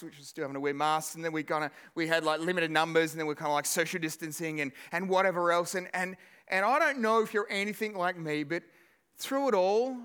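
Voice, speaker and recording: A man preaching a sermon to his church, animated and self-deprecating, often repeating words as he works through a thought. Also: on the high side, clear, resonant tone. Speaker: pastor. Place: church service.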